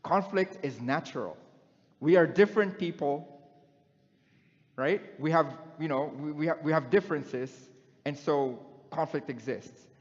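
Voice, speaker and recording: A man's voice: on the high side, measured pace. Man preaching in an echoing church hall. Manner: conversational, asks the congregation questions. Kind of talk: sermon. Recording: dull sound in a long-echoing hall.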